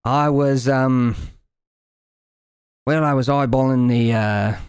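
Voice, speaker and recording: A man's voice: medium pitch, fairly even intonation, slow, clean tone, no echo, studio quality, natural voice. A man voicing a small male rat who is panicky and spiteful, stammering and pleading one moment and snapping the next. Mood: cowed.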